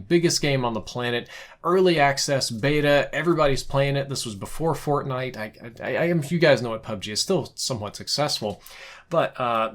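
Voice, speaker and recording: A man giving opinionated, conversational gaming commentary, ranting casually with frequent restarts. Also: mid-range voice. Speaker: gaming YouTuber. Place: home setup, in America.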